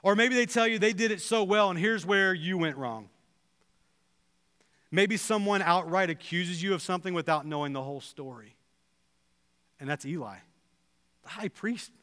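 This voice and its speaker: Bright-voiced pastor preaching in a reverberant hall. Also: male voice, sits high, normal speed, pauses often. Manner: earnest, acts out quoted prayers and dialogue. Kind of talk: sermon. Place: church sanctuary.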